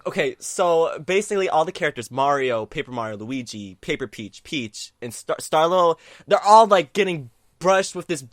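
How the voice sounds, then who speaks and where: A man co-hosting a casual podcast chat, excitable and quick to laugh, getting flustered and apologizing while he searches for his notes. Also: no echo, clean studio sound. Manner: excitable, laughs often, jumps into high mock voices when quoting. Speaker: podcast co-host.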